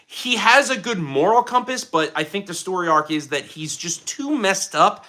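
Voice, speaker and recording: Lively high-voiced Philadelphia man. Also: moderate pace. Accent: light Philadelphia. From Philadelphia, USA. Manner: excitable, animated, jokey, drops into playful voices. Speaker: livestream host. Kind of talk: casual live chat reading viewer comments.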